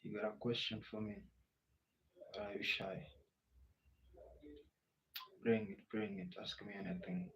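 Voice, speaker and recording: A man's voice: on the low side, flat delivery, unhurried, pauses often, a bit bright. A Kenyan man with a Kenyan English accent hosting a casual live Q&A, reading out viewer comments and answering them in a chatty way. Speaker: livestream host. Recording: muffled lo-fi audio with faint background noise.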